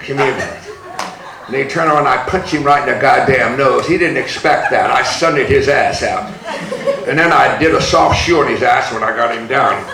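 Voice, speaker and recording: Gravelly older man, blunt storyteller. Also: medium pitch. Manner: profane, blunt, laughing storyteller. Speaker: activist speaker. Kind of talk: storytelling speech. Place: large hall. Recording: echoey hall recording.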